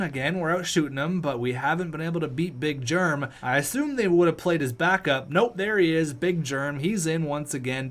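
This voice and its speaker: A young man with a fairly high voice, chatting through a sports video game for his channel. He keeps it upbeat and playful, tossing jokes and asides to the viewers as the games roll by. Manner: upbeat, joking, talks to viewers. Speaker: gaming channel host. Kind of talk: casual video game commentary.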